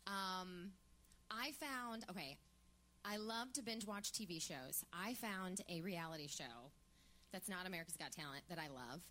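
A woman in her thirties co-hosting a live podcast on stage, chatty and animated. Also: on the low side, unhurried. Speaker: podcast co-host. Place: theater stage before a live audience.

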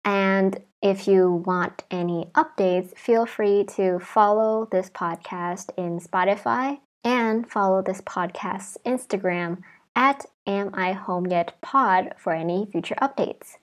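A woman's voice: mid-range voice, slow. Chatty woman hosting a podcast. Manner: chatty, leans on the word "like", friendly sign-off. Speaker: podcast host. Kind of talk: casual chat.

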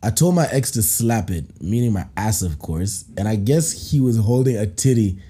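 A man hosting a podcast, reading out listener stories and reacting with animated laughter and playful put-on voices. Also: on the low side, moderate pace, husky. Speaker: podcast host.

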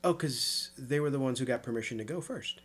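A man's voice: medium pitch, fairly quick, husky. A man in a casual book discussion, explaining history at length, often restarting his sentences. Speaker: book club member.

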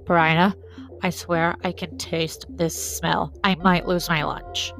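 A woman voicing a nervous, polite young man who talks through his nose in a hushed, hesitant way. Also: lowish voice, level tone, a little slow, vocal fry, soft background music. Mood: queasy, uneasy. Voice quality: nasal, mouth-breathing.

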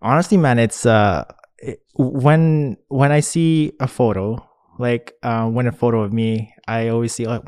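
A young man talking as a podcast guest in relaxed, rambling casual chat, often saying "man" and laughing. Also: medium pitch, a little slow, no room sound, studio quality.

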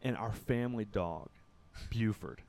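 Telling a story on a podcast, this Kentucky guest talks casually in a gravelly voice, a little slowly. He alternates loud bursts with hushed, low moments.

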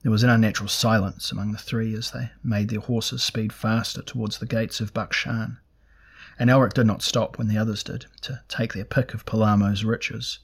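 A man narrating a fantasy novel in a measured, even storytelling manner. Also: on the low side, breathy edge. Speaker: audiobook narrator.

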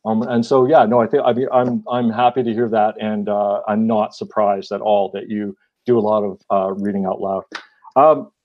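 A man interviewing an author as a fellow writer, speaking in a halting, thoughtful way with many hesitations. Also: lowish voice, flat delivery, lo-fi sound. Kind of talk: casual interview.

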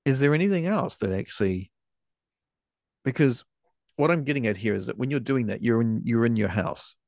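A man's voice: medium pitch, animated, normal speed, creaky, a little mellow, no echo, studio quality. A man hosting a podcast, asking long, rambling questions full of restarts and small affirmations. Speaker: podcast host. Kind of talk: interview questions.

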